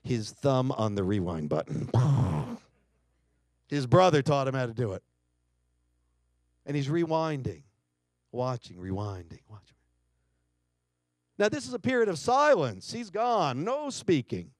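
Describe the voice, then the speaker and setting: A man's voice: mid-range voice, very animated, measured pace, pauses often, no echo, clean studio sound. A middle-aged man giving a keynote talk, telling a family story dramatically and acting out quotes. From United States. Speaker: keynote speaker. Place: lecture hall.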